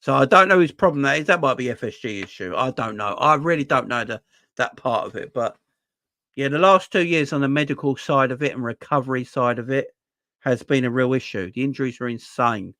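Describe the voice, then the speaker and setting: A young man with a Southern English, London accent talks in a loose, emphatic livestream chat. His voice sits at a middling pitch. He hammers points through repetition and rhetorical questions, and the recording is dry and close with no room echo. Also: a little fast, bright, forceful tone. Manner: emphatic, repeats himself, asks viewers rhetorical questions. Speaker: fan channel host.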